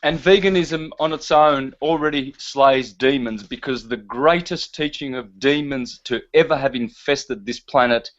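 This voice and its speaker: A man's voice: mid-range voice, a little slow, few pauses. Emphatic preachy man, dull lo-fi sound. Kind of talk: casual chat.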